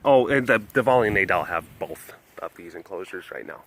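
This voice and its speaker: A man's voice: low-pitched, expressive, brisk, a bit bright. A man vlogging outdoors at an animal sanctuary while walking, talking in a rambling, casual way and chuckling often. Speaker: vlogger at a big cat facility.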